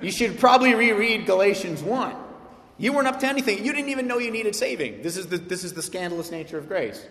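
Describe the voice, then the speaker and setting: A man's voice: sits high, expressive, fast, a bit bright. A man preaching a sermon as a pastor, passionate and emphatic, acting out quoted voices. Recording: echoey hall with long reverb.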